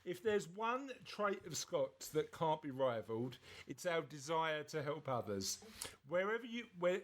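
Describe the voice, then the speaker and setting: A man's voice: on the high side, sing-song, measured pace, fairly bright tone, a little hiss or hum. A man from southeast England co-hosting a podcast, chatting casually and reading news aloud in a jokey way that stumbles over words. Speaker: podcast co-host.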